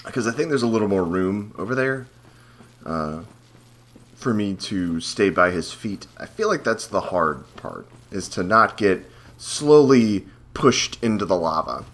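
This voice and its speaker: A man's voice: on the low side, expressive, unhurried. A man commenting casually as he plays a hard video game, rambling, cursing and mocking himself. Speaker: gameplay host. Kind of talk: let's play commentary.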